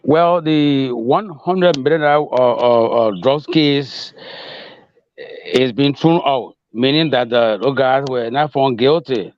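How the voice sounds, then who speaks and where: A man's voice: medium pitch, slow, lo-fi sound. A man reporting news as a correspondent, hesitant, with many fillers and restarts.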